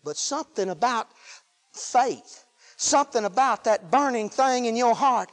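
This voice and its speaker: A man preaching a fervent sermon, swinging between loud exclamations of praise and low, quieter asides. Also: expressive, unhurried. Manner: fervent, rising and falling with hallelujahs.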